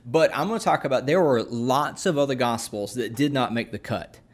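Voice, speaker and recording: A man in casual conversation, explaining at an easy pace with frequent fillers and restarts, like a co-host teaching on a talk show. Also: medium pitch. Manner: unhurried, with many fillers and restarts. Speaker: podcast co-host explaining scripture.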